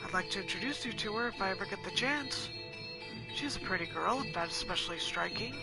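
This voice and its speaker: A chatty, nervous young merchant, read by a woman, talkative and quick to rise into high, loud cries. The voice swings lively up and down. Soft music plays behind. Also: natural voice. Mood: friendly. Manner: talkative, rising to panicked cries.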